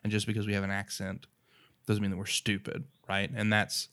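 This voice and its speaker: A man's voice: fairly low pitch, completely flat delivery, a little fast, pushed and bright, smooth. A man from North Carolina with an Appalachian accent, talking about faith in an earnest, rambling, casual way. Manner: earnest, rambling, many "you know" and "right".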